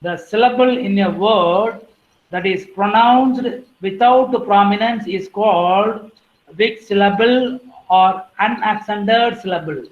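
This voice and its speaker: Slow, deliberate woman lecturing. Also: mid-range voice, echoey room, lo-fi sound. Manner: deliberate, lists terms one by one, clears throat now and then. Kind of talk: academic lecture on phonetics.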